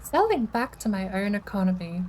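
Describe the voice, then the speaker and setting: A woman's voice: medium pitch, sing-song, normal speed, darkish tone, a little hiss or hum, rough recording. A sleepy woman streamer, yawning and musing aloud to herself while playing a game. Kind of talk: relaxed gameplay chat.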